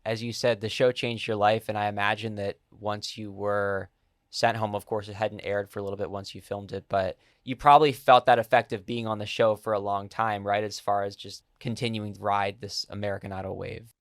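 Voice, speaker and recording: A man's voice: on the low side, little pitch movement, fairly quick. A man hosting an interview, asking conversational, leading questions. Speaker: interview host.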